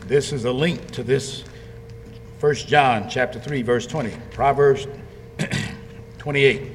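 A man preaching an animated sermon, swinging from low quiet asides to high shouted lines and acting out quoted voices. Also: slow, a little hiss or hum. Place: church. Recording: long hall reverb.

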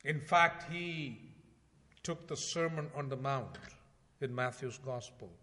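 A man preaching a sermon in a conversational way, asking rhetorical questions and swinging between loud emphasis and quiet asides. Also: medium pitch, takes it slowly. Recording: long hall reverb.

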